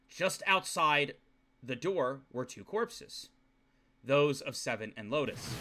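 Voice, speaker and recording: A young male streamer reading game text aloud in a hushed low voice and breaking off into profane rants at his chat. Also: a little hiss or hum.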